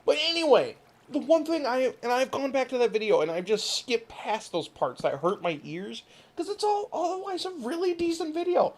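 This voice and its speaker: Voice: high-pitched, big pitch swings, normal speed, a little mellow. A gaming channel host ranting casually over gameplay, rambling and swearing freely, with frequent laughs.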